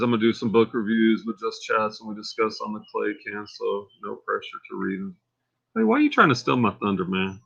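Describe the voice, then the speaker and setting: This mid-range male voice has vocal fry and a Texan accent, captured with lo-fi sound. He hosts a casual livestream, rambling and excitable, and gets fired up along the way.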